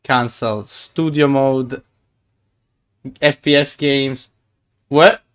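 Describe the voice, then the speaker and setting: A man streaming live who chats casually with his viewers, playful and excitable, often stumbling over his words and repeating himself. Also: medium pitch, drawn-out words, clean tone. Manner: excitable, stammering, playful, greets chat.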